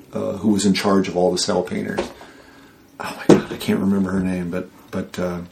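Guy with a low gravelly voice rambling thru a work story, bits of faint hiss behind him. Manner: rambling, animated, acts out quoted voices. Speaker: guest. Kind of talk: casual storytelling interview.

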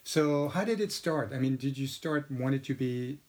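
A male host in a relaxed interview, curious and encouraging. He stumbles through his questions and fills the pauses with quick bursts of agreement. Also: mid-range voice. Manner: eager, encouraging listener with many quick affirmations. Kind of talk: casual interview.

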